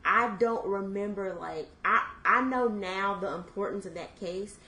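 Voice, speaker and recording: A young woman in her twenties co-hosting a podcast, thinking out loud in casual chat with lots of fillers. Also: mid-range voice, measured pace, echoey room, low-quality recording. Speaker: podcast co-host.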